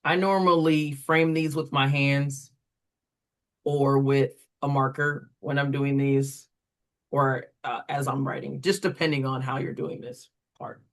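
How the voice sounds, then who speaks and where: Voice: fairly even intonation, a bit bright. A reading tutor leads a phonics drill, prompting each word in turn, spelling it out letter by letter and giving examples, with short asides that explain the method to other tutors. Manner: slow, deliberate call-and-response prompting; steps aside to explain in a lower, quicker voice.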